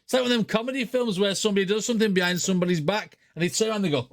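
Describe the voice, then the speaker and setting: A man's voice: high voice, very fast. A British man hosting a reaction channel, chatting casually and chuckling as he replays scenes aloud.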